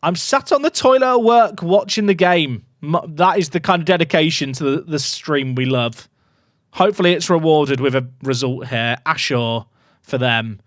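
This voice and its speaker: A man streaming a football management game, talking to his chat and swinging from low muttering to excited shouts. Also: unhurried, no room sound, clean studio sound. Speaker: gaming streamer. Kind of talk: live game commentary to chat.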